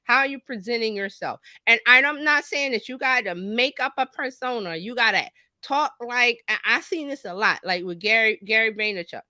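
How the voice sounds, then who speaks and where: A chatty woman coach talks shop in a bright, forceful voice. Her pitch sits a bit high and her delivery is animated. The sound is dry and close. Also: moderate pace, few pauses, no echo. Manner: animated, chatty, laughs often. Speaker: marketing coach. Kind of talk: casual podcast chat.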